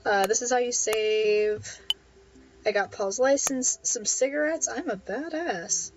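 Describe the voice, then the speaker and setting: A woman's voice: on the high side, measured pace, highs cut off, faint music behind. Wry woman gamer commenting on play. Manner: chatty, wry, reads game text aloud. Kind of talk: casual gameplay commentary.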